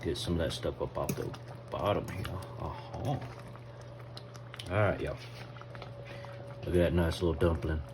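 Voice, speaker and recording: A Southern US cooking video host talks a little slowly in a lowish voice, leaving long pauses, with background noise present. He runs a casual vlog from his home kitchen, chatting folksily and addressing viewers as y'all.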